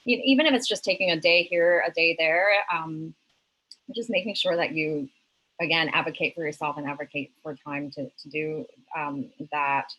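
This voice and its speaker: Slightly low-voiced woman, halting panelist. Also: fairly even intonation, pushed and bright, low-quality recording. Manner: hesitant, many ums, conversational. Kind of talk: webinar panel discussion.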